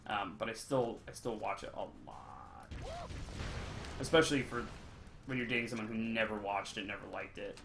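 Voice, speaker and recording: A man's voice: lowish voice, expressive, moderate pace, gravelly, noisy background. A young man chatting casually on a game stream, rambling with many ums and uhs. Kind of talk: casual chat while gaming, reading chat.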